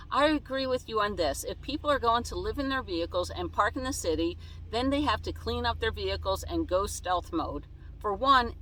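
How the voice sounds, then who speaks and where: Bright-voiced chatty woman vlogger. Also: mid-range voice, poor audio. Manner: chatty, reads comments aloud and answers them. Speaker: vlogger reading viewer comments. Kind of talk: casual chat.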